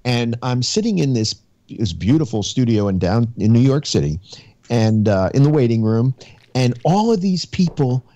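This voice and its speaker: Man on a panel, warm mellow voice, candid self-deprecating storytelling. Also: medium pitch, sing-song, moderate pace. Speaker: panel guest. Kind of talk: casual panel chat.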